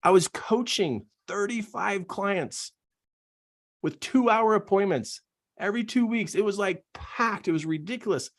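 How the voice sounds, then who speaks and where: A man giving an emphatic, repetitive motivational talk as a business coach, animated and preaching. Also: high voice, measured pace. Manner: animated, acts out quoted voices.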